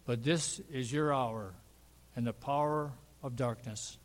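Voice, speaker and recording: A man reads scripture aloud at a measured, deliberate pace. His voice sits at an ordinary pitch and carries the long reverb of a large hall. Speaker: scripture reader.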